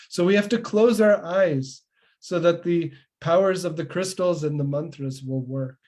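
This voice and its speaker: A man leading a spiritual class who tells devotional stories in an earnest, reverent way and recites long lists of names one by one. His voice sits fairly high for a man. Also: dark tone. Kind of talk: devotional storytelling lecture.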